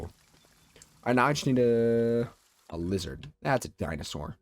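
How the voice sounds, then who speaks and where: A man's voice: mid-range voice, sing-song, moderate pace, no echo. Young man streaming, rambling story. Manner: rambling, lots of "like" fillers. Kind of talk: casual storytelling while gaming.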